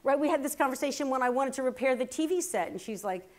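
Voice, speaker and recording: A woman in her fifties giving a keynote speech, telling family stories in a lively, chatty, self-deprecating way that turns earnest and reflective at times. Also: sits high, quick pace. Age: 50s. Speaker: keynote speaker. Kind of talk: humorous storytelling speech. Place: stage at a writers' workshop, before a live audience.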